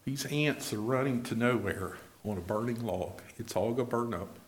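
A man preaching a sermon, swinging between loud declarations and low, quiet asides, and reading scripture in a slow, old-fashioned cadence.

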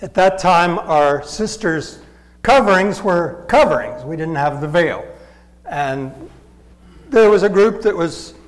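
A man preaching a storytelling sermon in a conversational, halting way. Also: on the high side, lively intonation, long reverb tail, low-quality recording. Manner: conversational, halting, with fillers and restarts.

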